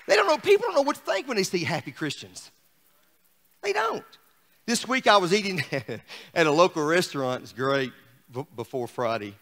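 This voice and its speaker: Exuberant high-voiced preacher. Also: male voice, sing-song, brisk, long reverb tail. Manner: exuberant, swings from shouting to quiet asides. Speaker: pastor. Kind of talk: sermon. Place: church sanctuary.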